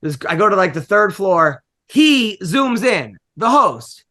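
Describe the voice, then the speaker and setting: A middle-aged male comedian hosting a podcast, telling rambling, animated stories and laughing often. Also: high-pitched, measured pace. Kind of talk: casual podcast chat, storytelling.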